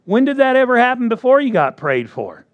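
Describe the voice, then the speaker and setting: A man's voice: very high-pitched, big pitch swings, fairly quick, narrow, tinny audio. A man preaching a sermon who repeats his key phrases and keeps asking the congregation for agreement.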